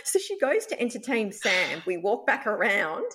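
A woman hosting a podcast, telling lively stories and acting out scenes, often laughing. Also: mid-range voice, moderate pace, slightly rough. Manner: animated storyteller, acts out scenes, laughs. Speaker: podcast host. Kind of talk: casual chat.

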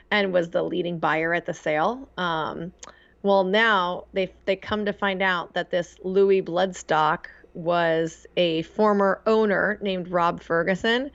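A woman's voice: fairly low pitch, gravelly, dry recording, highs cut off. A woman co-hosting a horse racing podcast, telling stories in a chatty way with frequent "um" and "like". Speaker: podcast co-host. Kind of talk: casual chat.

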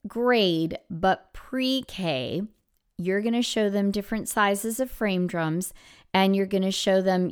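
A woman music teacher hosting an instructional podcast, explaining classroom activities step by step and swooping her voice high and low to demonstrate. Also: smooth.

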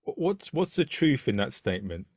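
A man's voice: mid-range voice, big pitch swings, moderate pace, dry recording, studio quality. A man hosting a casual interview, asking questions with lots of stumbling restarts. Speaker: interview host.

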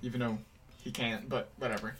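Bright-voiced young man, quick reactions. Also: medium pitch, a little hiss or hum. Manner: animated, reactive, quick to laugh and jump in. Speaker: co-host. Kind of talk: casual chat.

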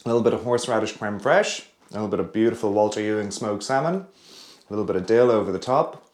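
A young man talks about home cooking in a relaxed, enthusiastic way. His voice sits low, and he leans on fillers as he explains. The room around him is echoey. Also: fast talker. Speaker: restaurant chef. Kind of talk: casual cooking chat.

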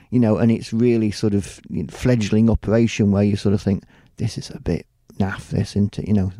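A middle-aged British man who works as a TV presenter and producer chats casually in an interview, rambling, restarting often, and saying "you know" a lot. His voice is fairly low and dark, captured in a dry, studio-quality recording.

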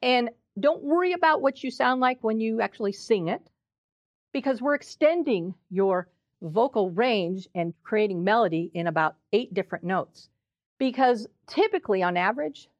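An older woman voice coach giving an expressive presentation talk, demonstrating examples with her voice. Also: medium pitch, no room sound, muffled recording.

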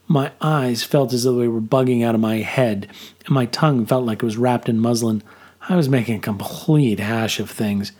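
A man reading a first-person story aloud in steady, measured narration. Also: medium pitch.

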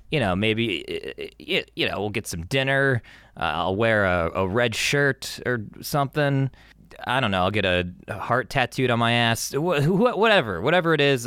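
A man's voice: on the low side, fairly bright tone, no room sound, clean studio sound. A young man hosting an advice podcast in casual chat, rambling and stammering with lots of swearing. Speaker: podcast host.

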